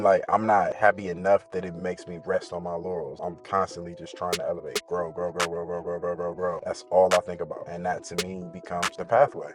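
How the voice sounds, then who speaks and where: A young man with a deep, low voice talks loosely from inside his car, rambling and cursing as he half-sings some lines. Hip hop music plays clearly behind him throughout. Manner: laid-back, rambling, profane, half-singing some phrases. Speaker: rapper and vlogger. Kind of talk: casual vlog monologue.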